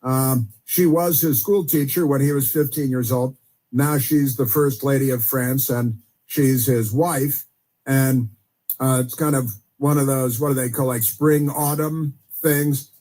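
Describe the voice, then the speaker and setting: Husky-voiced man hosting a rambling talk show. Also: mid-range voice, steady tone, a little slow, dark tone. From United States. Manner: sarcastic, rambling with many fillers and restarts. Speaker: podcast host. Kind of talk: casual commentary.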